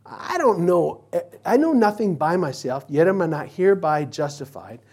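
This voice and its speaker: A man's voice: on the high side, very animated, moderate pace, darkish tone, husky. A man preaching a conversational sermon as pastor, teaching from scripture and playfully acting out everyday examples. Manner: casual, illustrates with playful acted-out examples.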